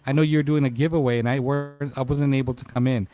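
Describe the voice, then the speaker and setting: A man's voice: medium pitch, fairly even intonation, fast talker, dark tone. A man hosting a casual livestream talk show, upbeat and greeting viewers by name.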